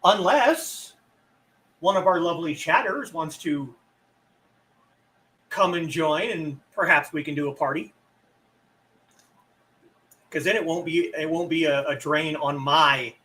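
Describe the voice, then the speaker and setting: Chatty, bright-voiced male streamer. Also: on the high side, slow, pauses often. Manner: chatty, self-deprecating. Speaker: game streamer. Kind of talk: casual game stream commentary.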